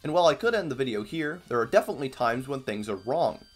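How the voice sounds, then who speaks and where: A man's voice: mid-range voice, sing-song, quick pace. A man from Iowa, narrating an educational video in a casual, joking way. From Iowa, US Midwest. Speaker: video essay host. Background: faint background music.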